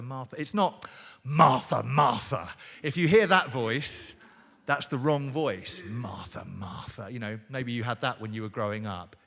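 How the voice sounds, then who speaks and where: A man's voice: mid-range voice, fairly bright tone. A man preaching a sermon, talking conversationally and animatedly and addressing the congregation directly. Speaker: pastor. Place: church hall. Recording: reverberant church hall.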